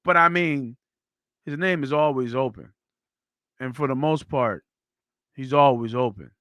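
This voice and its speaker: A man's voice: medium pitch, unhurried, no room sound. Blunt, fired-up man talking football. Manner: blunt, animated, swears freely. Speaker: podcast host. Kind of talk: casual sports talk.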